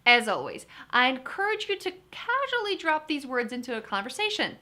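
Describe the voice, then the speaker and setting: Upbeat woman tutor, lively pitch. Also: a little fast, a little hiss or hum. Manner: upbeat, chatty, addresses viewers as guys. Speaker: vocabulary tutor. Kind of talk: lively test-prep lesson.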